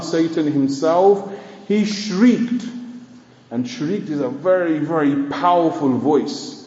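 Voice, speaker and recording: A man preaching a sermon with emphatic, drawn-out words and rising exclamations. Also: a little high, dark tone. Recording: dull, echoey hall.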